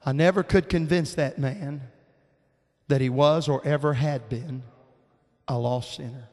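A man in his fifties preaches a sermon in a folksy Southern style, telling stories and calling out amens as he rises to fervent shouts. His voice is medium-pitched and steady, and he speaks a little slowly. A long hall reverb trails each word.

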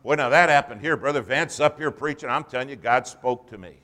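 A man preaching a sermon and telling a story, his voice swinging from hushed to loud. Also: medium pitch, a little fast. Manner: storytelling, animated.

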